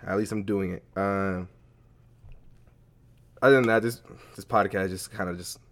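A man's voice: sits low, fairly even intonation, normal speed. A young man co-hosting a podcast, talking in a laid-back, slangy way and laughing often. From Las Vegas. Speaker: podcast co-host. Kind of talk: casual chat.

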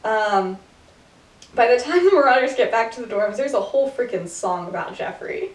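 A woman's voice: on the high side, expressive, normal speed. A woman casually retelling a story with lots of fillers and laughs. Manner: rambling, many "like" fillers, frequent laughter. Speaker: podcast co-host retelling a story. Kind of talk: casual chat. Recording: echoey room, distant mic.

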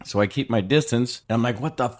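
A man in his fifties, a podcast co-host, telling a story in casual chat, cursing freely and acting out his own shouting. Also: medium pitch, quick pace. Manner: profane, animated storyteller who acts out shouting.

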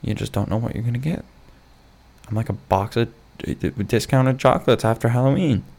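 A man's voice: medium pitch, a little fast, vocal fry, darkish tone. A young man hosting a solo podcast from his bedroom, rambling with lots of fillers and restarts, with dry self-mocking humor. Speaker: podcast host. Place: his bedroom, lamp in the corner.

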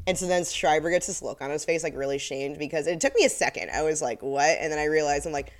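Her voice sits low and she moves at a quick pace with hardly any pauses, a slight lisp audible throughout. This co-host of a casual recap podcast wryly reads quotes from her episode notes.

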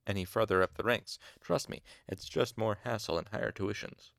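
A man's voice: lowish voice, steady tone, moderate pace, vocal fry, a bit bright, no room sound, studio quality. A man reading aloud, voicing a grizzled, wild-haired male student over fifty who grumbles wryly.

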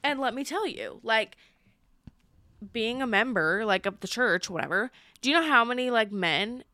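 Young female podcast co-host: crisp, high-ish voice, ranting animatedly in casual chat. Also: normal speed, no room sound, clean studio sound. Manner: animated, heated ranting with rising outbursts.

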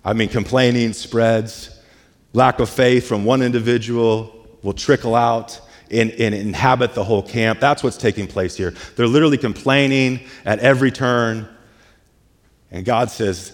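A man's voice: medium pitch, steady tone, a little slow. A man preaching a sermon as pastor, retelling scripture in a loose, conversational way full of "like" and "hey". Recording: long reverb of a large hall.

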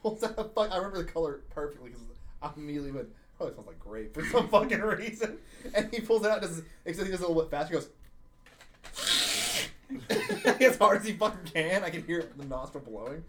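A man's voice: sits high, quick pace, slight background noise. Laughing young man telling a story. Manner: animated, laughing through his own stories, swearing freely. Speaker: podcast co-host. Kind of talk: casual storytelling chat.

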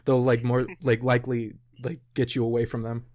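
A man's voice: mid-range voice, monotone, a little fast, darkish tone. A man co-hosting a casual podcast, throwing in dry teasing quips.

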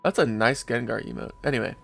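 A man's voice: medium pitch, quick pace, creaky, fairly bright tone, soft background music. Laid-back young man telling a story. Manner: laid-back, swears often, laughs at his own story. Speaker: podcast host. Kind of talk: casual storytelling to co-hosts.

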